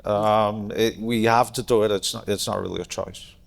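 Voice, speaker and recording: Man on a panel, lowish voice, blunt and a bit cynical. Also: steady tone, normal speed, creaky. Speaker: panelist, economist. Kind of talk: conference panel answer.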